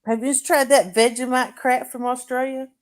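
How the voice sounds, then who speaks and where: A woman's voice: high voice, steady tone, moderate pace. A woman, a guest in a casual stream chat, joking and giggly. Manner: joking, giggly, playful rhymes. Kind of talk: casual late-night chat.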